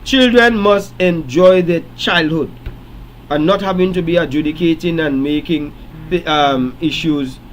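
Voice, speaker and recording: A man hosts a late-night call-in show, his fairly high voice moving from storytelling into firm, preachy lecturing. A faint hiss sits under the recording. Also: a little slow, poor audio. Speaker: radio show host.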